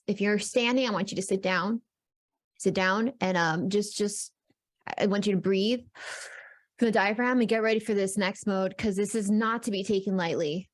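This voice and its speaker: A woman co-hosting a live stream, addressing her chat in an animated way and repeating words as she builds up. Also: mid-range voice. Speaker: podcast co-host.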